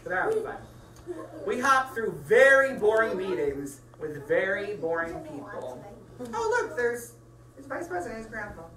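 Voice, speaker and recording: A woman reading a picture book aloud to children, playful and animated, chatting about the pages as she goes. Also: medium pitch, normal speed, crowd noise. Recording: echoey room from far off.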